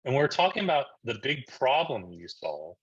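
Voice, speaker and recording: A man from New Jersey giving a live marketing presentation on a video call, energetic and conversational, often checking in with "right?". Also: mid-range voice, normal speed, husky, dull audio. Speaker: marketing coach presenting a webinar.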